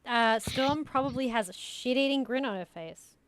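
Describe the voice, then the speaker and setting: Bright-voiced woman playing a tabletop game. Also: a little high, normal speed, dry recording. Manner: casual, chatty. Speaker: player. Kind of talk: casual tabletop play.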